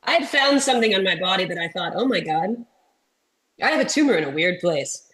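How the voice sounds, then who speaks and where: Delivering a keynote over a remote presentation setup, this woman in her thirties from Texas, a comedian, comes across as a chatty storyteller who pokes fun at herself, still getting over a sinus infection. She talks a little fast in a mid-range, animated, somewhat bright voice.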